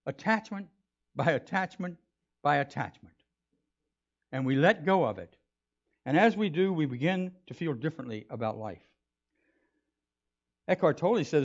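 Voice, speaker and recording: A man's voice: a little high, expressive, normal speed, long pauses, lo-fi sound. A man preaching a sermon as pastor, in a conversational, joking way.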